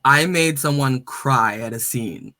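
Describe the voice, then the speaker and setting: A young man, an author, chatting casually on a video call, excitable and quick to laugh. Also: medium pitch. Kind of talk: casual group chat.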